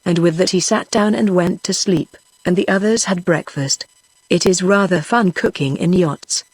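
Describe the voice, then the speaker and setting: A woman's voice: lowish voice, normal speed, slightly rough, no room sound. A text-to-speech woman voice with a British English accent narrating a children's storybook audiobook. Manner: even machine-read narration.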